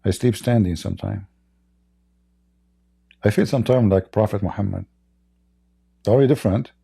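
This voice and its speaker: A middle-aged man with a dark, gravelly, husky voice hosts a casual livestream, and he is hoarse from hours of talking. He mocks and chuckles as he goes, and often stops to cough and clear his throat. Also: fairly low pitch, normal speed. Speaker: livestream debate host.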